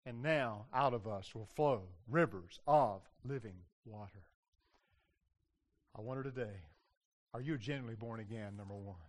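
An older man, a pastor preaching a sermon in a loud, emphatic way and putting questions to the congregation. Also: fairly low pitch, moderate pace.

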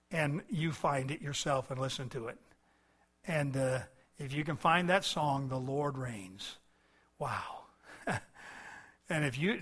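A man preaching a sermon with a somewhat high voice. He talks earnestly, building to loud stretches and then sinking back to a soft, low delivery. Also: breathy edge. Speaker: pastor.

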